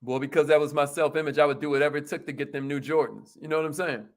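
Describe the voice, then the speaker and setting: A high-voiced middle-aged man delivering a motivational talk to his listeners. He is folksy and preachy and keeps calling out to them as he goes. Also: fairly even intonation, racing. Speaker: motivational speaker. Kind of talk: motivational talk to a live call audience.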